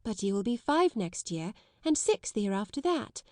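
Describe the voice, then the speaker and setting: A woman voicing a spoiled little girl who howls and sobs in shrill wails, in a storybook reading. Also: very animated, moderate pace, a little mellow, no room sound, studio quality, natural voice. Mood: stubborn. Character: small spoiled girl, wailing and howling.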